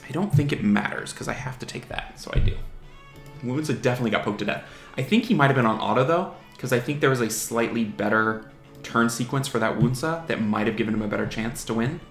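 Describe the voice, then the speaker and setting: Gravelly man muttering game commentary. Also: mid-range voice, quick pace. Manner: chatty, mutters strategy aloud, teases opponents' monsters. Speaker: gaming channel host. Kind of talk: casual live game commentary. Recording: roomy home recording with faint music.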